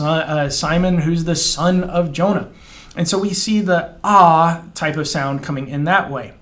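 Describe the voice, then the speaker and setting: A man teaching Biblical Hebrew pronunciation in a casual spoken lesson, stretching out words slowly to model them and checking in with "okay?" after each. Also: sits high. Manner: encouraging, informal, restarts and fillers.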